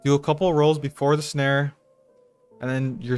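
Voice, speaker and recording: A man's voice: mid-range voice, flat delivery, normal speed, a little mellow, soft background music. A young man hosting a casual beat-making tutorial, talking in a rambling, profane, slangy hype way. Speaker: music producer tutorial host. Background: trap beats playing.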